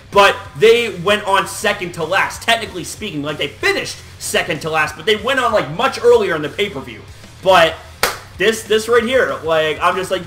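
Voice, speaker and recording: Hyped up guy ranting about a wrestling match, bright voice, faint music behind. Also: high-pitched. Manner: excitable, peppered with "like" and swearing. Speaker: wrestling vlogger. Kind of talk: casual recap commentary.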